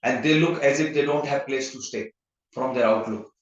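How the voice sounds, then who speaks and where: A man of middle pitch gives an easygoing scripture class, telling everyday stories and slipping Sanskrit terms into his talk. His voice rings through a very echoey temple hall. The recording sounds muffled and dull. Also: moderate pace, slight background noise. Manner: anecdotal, mixes Sanskrit terms into plain talk.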